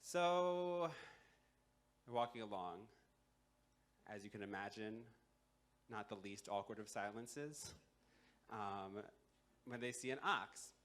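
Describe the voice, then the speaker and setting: A man's voice: on the low side, expressive, takes it slowly, pauses often, a bit bright. A young man telling a folktale live at a campus show, casual, with many fillers and wry asides. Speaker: storyteller. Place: live university culture show.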